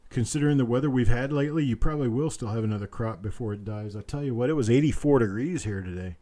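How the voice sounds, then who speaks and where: A man hosting a live online coin auction from home, repeating bid calls in a steady chant and breaking off into folksy chat. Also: medium pitch, quick pace. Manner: repetitive bid-calling chant mixed with folksy banter. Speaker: auctioneer host. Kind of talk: live online auction calling with chatty asides.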